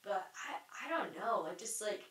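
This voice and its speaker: A young adult woman hosts a solo podcast, rambling candidly through a stream-of-consciousness monologue full of fillers, restarts and casual swearing. Her voice is medium-pitched and fairly bright, with lively intonation and a moderate pace. The mic sits at a distance, giving a roomy sound.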